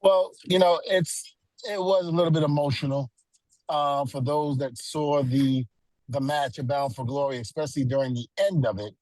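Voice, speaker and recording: A man's voice: on the high side, steady tone, normal speed, a little mellow, no echo, poor audio. A middle-aged man, a retired pro wrestler, telling earnest stories as a guest in a casual interview, with many "you know"s.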